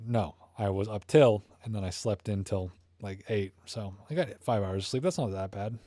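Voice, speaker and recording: A young man on a live stream, rambling and cracking goofy jokes in a somewhat low, mellow voice. His voice is getting tired. The sound is dry and close. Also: moderate pace, no room sound. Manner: goofy, rambling, self-promoting banter. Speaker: YouTube streamer. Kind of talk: casual live-stream chat. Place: small room at home.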